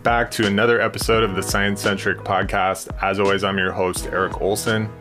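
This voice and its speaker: A man's voice: lowish voice, level tone, fairly quick, over music. A man hosting a science podcast interview, talking casually with frequent ums and restarts. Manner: hesitant, many ums and restarts. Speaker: podcast host.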